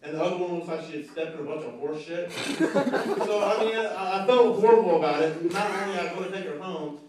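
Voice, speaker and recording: A young man with a slightly high voice rambles through a stand-up set, full of fillers and halting restarts. He sounds distant in a very echoey comedy club. Loud audience laughter rolls in behind him. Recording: echoey club, mic heard from afar, loud crowd laughter.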